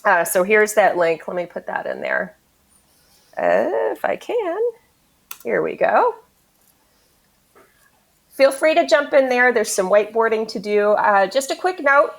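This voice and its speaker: A woman's voice: on the high side, sing-song, a little slow, gravelly, long pauses. A woman hosting an online event, reading a scripted introduction with a few fillers over a video call. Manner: reads the introduction with some fillers. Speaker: event host.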